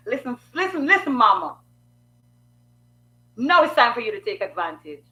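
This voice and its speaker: A woman's voice: on the high side, sing-song, normal speed, pauses often, pushed and bright. A woman giving frank, sassy advice in a preachy monologue full of rhetorical questions.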